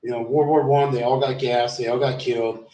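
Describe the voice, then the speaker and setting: A man's voice: mid-range voice, little pitch movement, fairly quick, mellow, recorded from a distance. Rambling, swearing man, off the mic. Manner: rambling, profane, many fillers and restarts. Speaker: streamer. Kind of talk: rambling storytelling monologue. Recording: roomy sound, off the mic.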